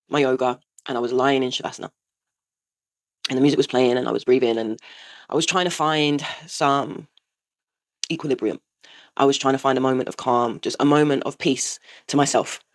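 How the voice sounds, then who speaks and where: A woman in her forties, host of her own show, telling a raw, sweary confession and laughing through the pain. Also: sits low. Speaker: podcast host. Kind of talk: candid confessional monologue.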